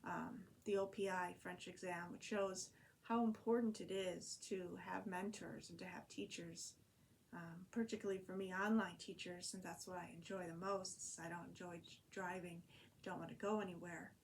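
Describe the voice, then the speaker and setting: A woman's voice: on the low side, fairly even intonation, normal speed, slight background noise. A woman talking casually in a diary-style vlog, rambling and chatty with frequent fillers and restarts. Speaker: vlogger and online French teacher.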